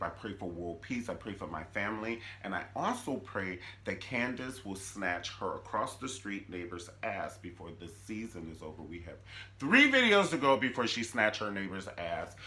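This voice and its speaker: A man hosting a comedic TV recap, telling the story in an animated, sassy way. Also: mid-range voice. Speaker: YouTube show recap host.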